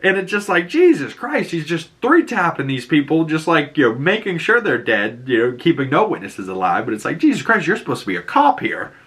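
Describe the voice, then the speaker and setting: Bright-voiced Boston man recapping a show. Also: on the high side, fairly quick, few pauses. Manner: animated retelling with profanity and acted-out quotes. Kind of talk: casual episode recap.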